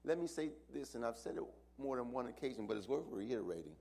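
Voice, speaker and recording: A male preacher delivering a sermon and addressing his congregation directly, swinging dramatically between loud cries and near-whispers. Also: mid-range voice, lively intonation, quick pace, gravelly, breathy edge.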